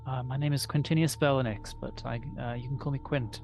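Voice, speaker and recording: A man's voice: mid-range voice, steady tone, fairly quick, creaky, a little mellow, soft background music, lightly acted. A man voicing a wary young male adventurer who speaks politely and hesitantly, with many fillers, during tabletop role-play. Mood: polite, unsure.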